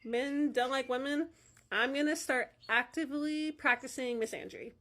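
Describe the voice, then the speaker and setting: Sarcastic woman with a slightly high voice. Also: steady tone, normal speed, a bit bright. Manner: sarcastic, spiteful. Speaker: vlogger. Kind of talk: social media rant.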